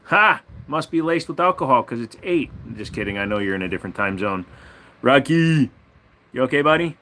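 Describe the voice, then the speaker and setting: A man's voice: on the low side, big pitch swings, quick pace, bright, forceful tone. Chatty man hosting a livestream. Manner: chatty, talks baby-talk to his dog. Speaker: livestream host. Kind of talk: casual livestream chat.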